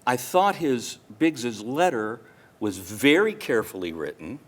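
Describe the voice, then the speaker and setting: A man speaking as a political pundit on a television panel, his pitch rising and falling with lively movement. He weighs his words carefully and talks things through at a mid-range pitch. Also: unhurried. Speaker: political commentator and communications consultant.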